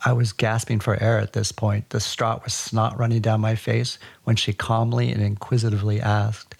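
Gravelly, husky male storyteller. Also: fairly low pitch, normal speed. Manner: wry, deadpan storytelling. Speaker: podcast storyteller. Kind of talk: personal story narration.

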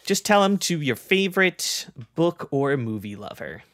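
A man's voice: fairly high pitch, big pitch swings, a little slow, fairly bright tone, no echo. A man co-hosting a casual podcast, who keeps slipping into laughter as he tells a story. He talks loosely and leans on plenty of fillers. The sound is dry and close, with no room in it. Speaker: podcast co-host. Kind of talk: casual chat.

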